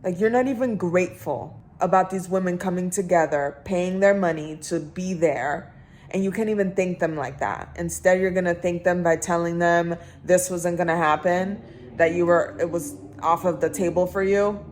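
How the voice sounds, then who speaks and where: A woman's voice: fairly low pitch, normal speed, slight background noise. Tipsy woman ranting in a vlog. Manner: ranting, animated storytelling. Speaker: vlogger. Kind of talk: casual chat.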